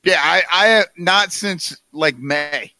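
A man co-hosting a podcast in excitable, profane casual chat. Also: fairly high pitch, slow, no room sound. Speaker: podcast co-host.

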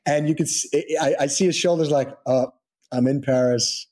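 A middle-aged man, an actor, telling backstage stories in a lively way and acting out the quotes. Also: normal speed. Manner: lively storyteller acting out quotes with big pitch jumps. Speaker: actor and guest. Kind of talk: animated anecdote-telling.

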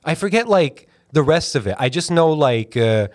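Podcast host, young adult man, lively storyteller with a somewhat high, very expressive voice, does goofy voices. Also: normal speed. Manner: rambling, animated storytelling with silly put-on voices. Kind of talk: casual comedic podcast chat.

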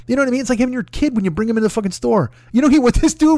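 A man telling a rambling comic story, profane and animated, acting out other people's voices. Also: very high-pitched, quick pace, hardly any pauses, dry recording. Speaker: comedy podcast host.

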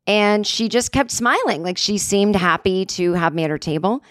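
A woman comedian hosts a podcast from a hotel room, her medium-pitched voice at normal speed in clean, studio-quality audio with no room sound. She digresses casually through a story, full of "like" and "you know".

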